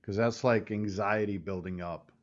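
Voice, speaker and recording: A man's voice: fairly low pitch, steady tone, normal speed. A man hosting a casual interview, slangy and loose, often asking "you know what I mean". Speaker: host. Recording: slightly dull audio.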